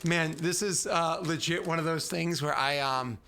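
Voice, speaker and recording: A man's voice: fairly high pitch, normal speed, noisy background. A man narrating and hosting as game master of a tabletop role-playing game, rambling and teasing his players with many fillers.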